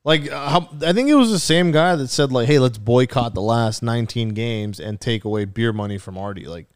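A man's voice: medium pitch, fairly quick, smooth, no room sound, studio quality. A young man co-hosting a casual sports chat, ranting and swearing, mocking critics in put-on voices. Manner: profane, ranting, mocks people in put-on voices. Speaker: podcast co-host.

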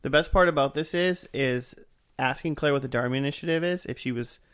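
A man's voice: medium pitch, brisk, a bit bright, smooth. A man hosting a podcast in casual chat, teasing his co-hosts, easily sidetracked and laughing mid-sentence. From United States. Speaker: podcast host.

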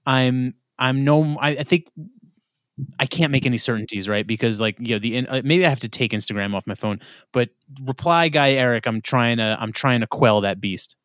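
A man's voice: mid-range voice, normal speed, a bit bright, no echo, studio quality. A man co-hosting a podcast, hesitant and stammering as he thinks aloud. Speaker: podcast co-host. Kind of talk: casual podcast chat.

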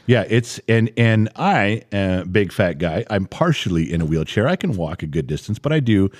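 Middle-aged male co-host, lively pitch, blunt storyteller, dry close sound. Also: moderate pace, no room sound. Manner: animated storytelling, blunt, swears. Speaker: podcast co-host. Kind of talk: casual chat.

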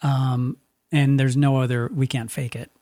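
A man's voice: mid-range voice, flat delivery, warm tone. Reflective man telling a story on a podcast. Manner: reflective, halting storyteller who acts out quoted people. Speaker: radio DJ and podcast host. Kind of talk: casual podcast conversation.

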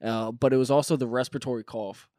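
A man's voice: mid-range voice, steady tone, fast, darkish tone, dry recording, studio quality. A man telling a story in a casual podcast chat, full of fillers and cursing. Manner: rambling, filler-heavy storytelling.

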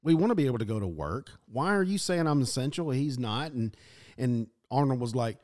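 Man, podcast co-host, lively pitch, jokey casual talk. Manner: jokey, does quick mock voices. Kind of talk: casual chat.

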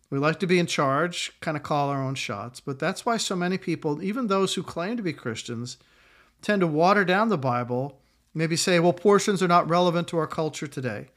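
A middle-aged pastor with a fairly high, fairly bright voice preaches a sermon conversationally, acting out quotes as he goes.

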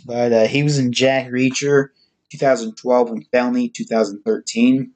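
A man giving a casual, halting spoken movie review, listing facts with frequent restarts. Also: mid-range voice, little pitch movement, darkish tone.

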